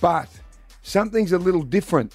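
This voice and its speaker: A man's voice: high voice, animated, fairly quick, a little mellow, slightly rough, no echo, faint music behind. A man in his forties with an Australian accent, co-hosting a radio show and telling jokey, blokey stories in casual banter. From Melbourne area, Australia. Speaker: radio co-host.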